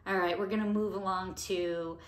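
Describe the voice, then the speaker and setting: A woman beauty vlogger chatting casually about products she loves, gushing and excitable with a rambling flow. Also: medium pitch, moderate pace. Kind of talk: casual product review chat.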